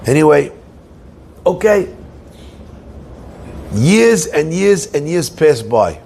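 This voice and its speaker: A man's voice: a little high, slow pace, vocal fry, slight background noise. A man preaching as a rabbi, telling a story in his sermon and putting questions to his listeners. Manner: animated storyteller who asks the listeners questions.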